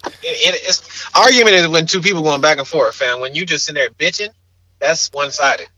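A man's voice: fairly high pitch, a little fast, pushed and bright, dry recording, rough recording. A man co-hosting a podcast in casual chat, ranting brashly and crudely and joking as he goes. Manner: brash, profane, joking rants. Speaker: podcast co-host.

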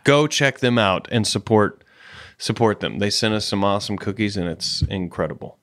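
A man's voice: on the low side, moderate pace, a bit bright. Joking, swearing man co-hosting a podcast. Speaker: podcast co-host. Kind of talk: casual comedic chat. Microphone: remote call setup.

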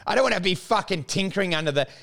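A man's voice: sits high, lively intonation, racing, gravelly, a bit bright. A man co-hosting a podcast, ranting crudely and animatedly in casual comedic chat. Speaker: podcast co-host. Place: podcast studio. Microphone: podcast mic.

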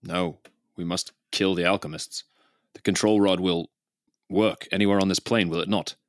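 A man playing a tabletop game, eager and quick to plan. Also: low voice, fairly even intonation, dry recording. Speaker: player.

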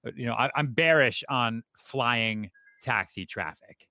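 A man in his thirties chatting as an interview guest, lively and quick to tell a story. His voice is bright and forward, recorded dry and close with no room sound. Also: mid-range voice, no room sound. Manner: energetic, animated storytelling. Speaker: guest, real estate broker. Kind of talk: casual interview chat.

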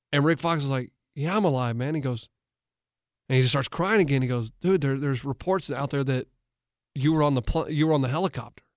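Sports-talk co-host, male, highish voice, dry close mic, animated stop-start storyteller. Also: dry recording. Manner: animated storyteller, retells others' words with many restarts. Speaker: coach and co-host. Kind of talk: casual sports talk chat.

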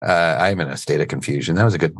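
The voice here is extremely low, husky and fast, captured in a dry recording. It belongs to a middle-aged man hosting a studio podcast as a casual live webinar chat, where he jokes around, rambles and laughs readily.

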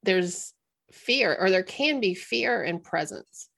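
A woman's voice: mid-range voice, animated, slow pace, gravelly, a bit bright. A woman hosting an interview, speaking thoughtfully and asking probing questions. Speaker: podcast host. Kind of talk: interview conversation.

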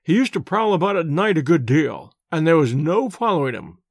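A polite, formal manservant of an old house, read by a man, each reply careful and deferential. The delivery moves lively up and down, and the close, dry sound has no room in it. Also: a little high, fairly quick, vocal fry, no room sound, exaggerated voice. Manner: courteous, formal, says sir often. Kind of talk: audiobook character voice.

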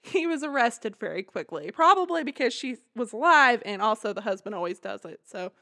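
Chatty, higher-voiced woman podcast host. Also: big pitch swings, a little fast, bright, forceful tone. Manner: chatty, swears freely, laughs between lines. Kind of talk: casual storytelling.

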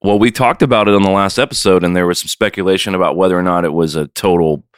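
Deep-voiced, laid-back podcast co-host. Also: male voice, fast, clear, resonant tone, no room sound, clean studio sound. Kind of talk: casual chat.

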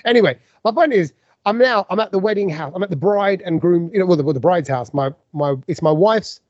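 A man's voice: high-pitched, a little fast, a little mellow, no echo, highs cut off. A man co-hosting a podcast, rambling and joking through a story in casual banter. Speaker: podcast co-host. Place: abroad, calling in remotely.

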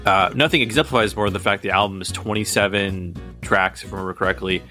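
A man co-hosting a podcast, rambling through an animated story with quick asides and restarts. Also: low voice, faint music behind. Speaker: podcast co-host. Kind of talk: casual podcast chat about movies.

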